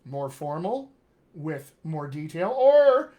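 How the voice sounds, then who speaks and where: Male dialect coach, General American accent with West Texas traces, slightly high voice, emphatic and friendly on a live stream. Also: big pitch swings, slow pace, mellow. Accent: General American with West Texas and upstate New York traces. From Colorado, USA. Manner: friendly, emphatic teaching with frequent "all right" and "my friends". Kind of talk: live online accent lesson.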